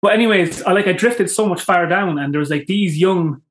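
An Irish man telling excitable fishing stories in a casual podcast chat, swearing freely and acting out quotes. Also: high-pitched, brisk, a little hiss or hum. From Ireland. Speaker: podcast guest. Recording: roomy echo.

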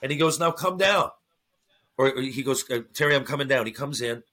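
Bright-voiced man telling stories. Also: medium pitch, fast talker. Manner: animated storyteller acting out others' lines, swears freely. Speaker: podcast guest, former hockey player turned actor. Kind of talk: casual storytelling interview.

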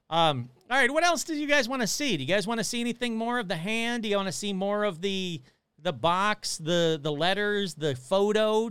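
A man's voice: high-pitched, fairly bright tone, smooth, no echo. A man hosting a casual live stream, chatting loosely, swearing and answering viewers' comments as he reads them. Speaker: livestream host.

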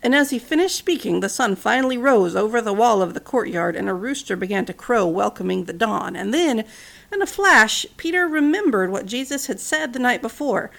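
A woman in her thirties hosts a children's story podcast. She narrates in an earnest, gentle way, her voice fairly high and gravelly. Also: expressive, moderate pace. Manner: earnest, gentle, conversational asides.

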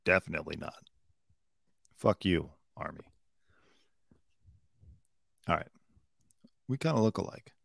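A man's voice: low-pitched, expressive, unhurried, vocal fry, pauses often, a bit bright, dry recording, clean studio sound. A man hosting a live news commentary show, blunt and opinionated, swearing freely and swinging between emphatic outbursts and muttered asides. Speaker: show host.

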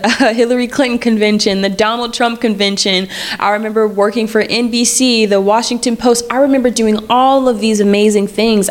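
A woman in her twenties, speaking at medium pitch, hosts a personal podcast. She tells her story candidly and conversationally, repeating phrases for emphasis.

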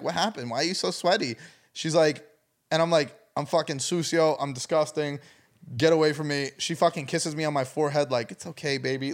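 A young man telling a rambling, profane story in casual chat. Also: a little high.

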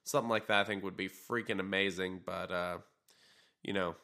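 A man's voice: low-pitched, fairly quick. A man co-hosting a gaming podcast, talking casually and loosely with lots of fillers and some tired yawns. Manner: relaxed, rambling, frequent fillers. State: tired, yawning. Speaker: podcast co-host.

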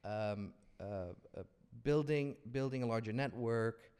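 A man's voice: medium pitch, unhurried, darkish tone, smooth. A man hosting a casual interview, musing thoughtfully with dry jokes and stumbling over words. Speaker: podcast host. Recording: long reverb in room.

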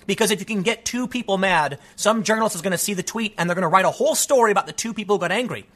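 Speaking rapid-fire in a voice that sits high, this online show host delivers forceful solo opinions. He's animated throughout and performs any quoted voices himself.

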